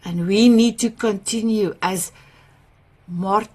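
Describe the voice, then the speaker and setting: Speaking slowly at a medium pitch, a South African woman who speaks Afrikaans hosts a summit via video call. Her personal stories pour out with gushing, emotional warmth, punctuated by frequent laughter.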